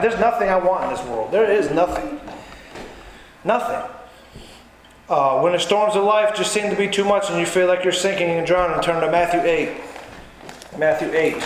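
A man preaches in a folksy, conversational sermon, throwing in quick asides. His voice sits very high for a man. The sound bounces around a very echoey church hall with a faint hum of room noise. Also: animated. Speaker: pastor.

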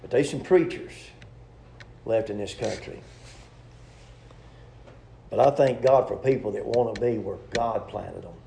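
A preacher with a gravelly voice, preaching a folksy sermon full of questions and homespun stories. The sound carries in a roomy church, with faint ambience behind him. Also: male voice, fairly low pitch, unhurried, pauses often, dark tone, a little hiss or hum. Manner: folksy, rhetorical, storytelling with humor.

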